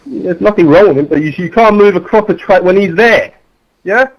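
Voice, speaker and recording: A man's voice: high-pitched, normal speed, muffled recording. A man racing online, mocking and insulting another driver in a heated voice chat. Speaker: rival sim racer. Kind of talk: heated in-game voice chat argument.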